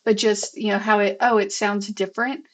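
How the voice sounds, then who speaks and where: A woman hosting an interview in casual chat, halting, with many fillers and restarts. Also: mid-range voice, little pitch movement. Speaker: host.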